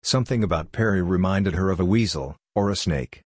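A man narrates a story slowly and evenly. His voice is very deep and husky. The recording is close and dry, with no room sound. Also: a little mellow, no room sound. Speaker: audiobook narrator.

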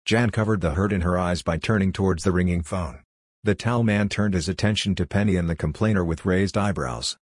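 A man narrates a story slowly and evenly. His voice is very deep and husky. The recording is close and dry, with no room sound. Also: no room sound. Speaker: audiobook narrator.

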